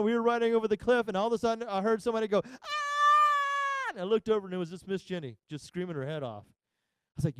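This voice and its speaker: A pastor preaching a sermon, telling a funny family story and acting out the voices of everyone involved. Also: male voice, sits high, a little mellow, smooth, no room sound, studio quality. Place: church sanctuary.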